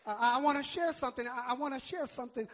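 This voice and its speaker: A man's voice: extremely high pitch, fast, a bit bright. A male pastor preaching a sermon, emphatic, repeating words and calling on the congregation to answer back.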